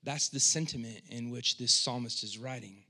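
A male pastor delivers a sermon in a bright, forward voice. He talks in a loose, conversational way, then drops to a hush before rising into fervent, loud appeals. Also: moderate pace. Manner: swings from hushed, low delivery to loud impassioned cries; conversational, with frequent "like" and restarts.

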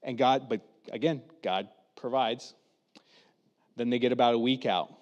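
A man preaching a lively storytelling sermon, acting out quotes in different voices. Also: medium pitch, moderate pace, in a large hall. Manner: animated, acts out quotes with voices.

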